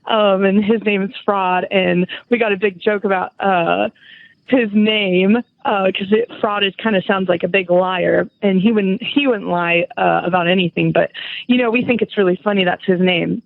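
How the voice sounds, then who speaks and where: A woman's voice: medium pitch, fairly even intonation, moderate pace, gravelly, no echo. Rambling woman on a tinny phone line. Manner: rambling, giggly storytelling. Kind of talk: improvised comic phone call.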